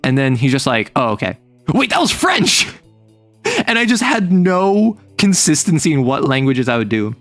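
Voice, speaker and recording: A man streaming a casual chat, telling a rambling, animated story and laughing often. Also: a little high, moderate pace, no echo, faint music behind.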